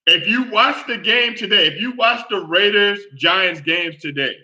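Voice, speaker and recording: A man hosting a casual sports talk show, with a high, very bright voice. He talks in an animated way, repeats himself and keeps checking in with the listener. The recording sounds dull and lo-fi. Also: unhurried.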